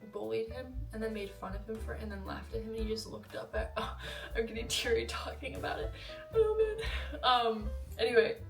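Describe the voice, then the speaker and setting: A woman's voice: on the high side, gravelly, a bit bright. A young woman vlogs about a movie in a loose, rambling way, with lots of fillers and side comments. Her voice sits a little back from the mic in an echoey room, with a faint bed of music underneath. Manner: chatty, rambling, many fillers and asides. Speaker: vlogger. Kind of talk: casual film review monologue. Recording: roomy echo, voice a bit far from mic.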